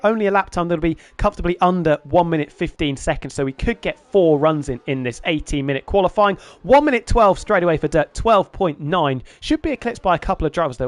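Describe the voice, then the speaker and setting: A man giving lead commentary on an online sim racing qualifying session, lively as he calls the lap times. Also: a little high, no echo. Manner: lively, builds excitement over lap times.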